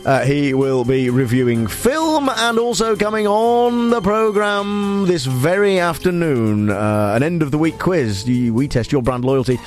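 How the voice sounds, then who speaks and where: A man's voice: on the high side, animated, measured pace, few pauses, soft background music. A man hosting a comic radio show, playful and rambling, often restarting his sentences. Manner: playful, rambling, self-interrupting. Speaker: radio host.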